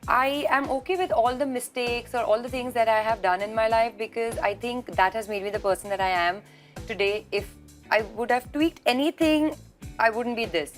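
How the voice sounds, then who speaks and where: A woman's voice: a little high, moderate pace, soft background music. A woman actress answering interview questions over a video call, earnest and reflective, often restarting her sentences. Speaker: actress guest.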